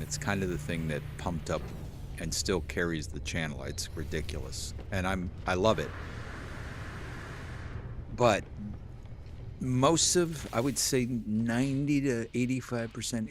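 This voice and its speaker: A young man live-streaming a game, chatting with viewers and reading chat aloud, easily excited. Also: sits low, noisy background.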